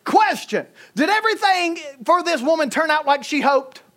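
Southern-accented woman preacher, humorous and emphatic sermon delivery, very animated pitch. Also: moderate pace. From Southern United States. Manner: animated, humorous, emphatic, swings between loud and soft.

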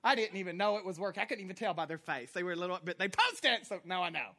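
A woman voicing a sly, gloating male devil, muttering low and smug. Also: animated, very fast, pushed and bright, heavily acted.

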